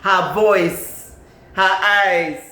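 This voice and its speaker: A film reviewer with a Nigerian accent, talking in a casual, animated and exclamatory way, often laughing and repeating words for emphasis. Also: mid-range voice, extremely slow. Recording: echoey room with faint background noise.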